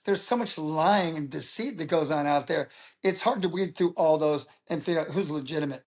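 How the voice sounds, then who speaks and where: A middle-aged man, a public speaker, talking as an interview guest and telling stories in a lively way. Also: sits high, fairly quick. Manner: animated storyteller who acts out quoted voices. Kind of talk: casual interview talk.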